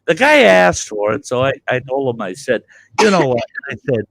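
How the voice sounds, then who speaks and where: An older man on a livestream spins a blunt, salty anecdote in casual talk. His voice is gravelly, and his pitch leaps around as he plays every part. The sound is close and dry. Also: moderate pace, no room sound. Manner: blunt, animated storyteller acting out both sides. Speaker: livestream host. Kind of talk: casual storytelling.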